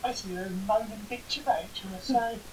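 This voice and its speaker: A woman's voice: mid-range voice, fast, a little mellow. Dry, sarcastic English woman, distant mic. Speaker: podcast co-host. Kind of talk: casual banter. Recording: distant mic with faint hiss.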